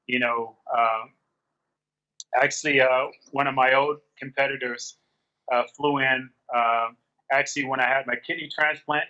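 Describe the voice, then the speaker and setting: Over dull, lo-fi call audio from his garage, a man being casually interviewed replays phone conversations line by line. He speaks in a bright, forceful, mid-range voice.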